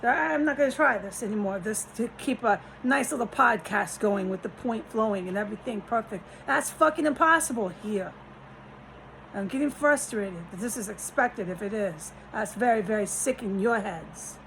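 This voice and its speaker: A woman's voice: medium pitch, lively intonation, normal speed, creaky, fairly bright tone, a little hiss or hum, poor audio. A woman vlogging from a rented room, talking in a rambling, frustrated way, cursing often and restarting her sentences. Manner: agitated, profane, trailing off and restarting.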